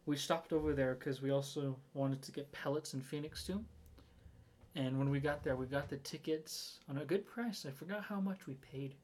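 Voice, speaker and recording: A man's voice: mid-range voice, darkish tone, a little hiss or hum. A young man co-hosting a casual podcast, rambling and laughing often. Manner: giggly, rambling. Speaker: podcast co-host. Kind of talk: casual chat.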